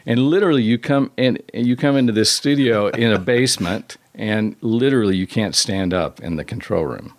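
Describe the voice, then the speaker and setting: Low-voiced man telling rambling stories. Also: normal speed, hardly any pauses, dry recording. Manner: rambling, self-deprecating, restarts often. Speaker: guest record producer. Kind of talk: storytelling interview.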